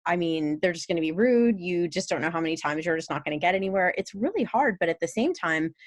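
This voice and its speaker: Woman guest on a podcast, lowish voice, thoughtful and chatty, dry sound. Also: lively intonation, quick pace, no echo. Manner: thoughtful, conversational, laughs easily. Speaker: guest, marketing expert. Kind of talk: casual conversation.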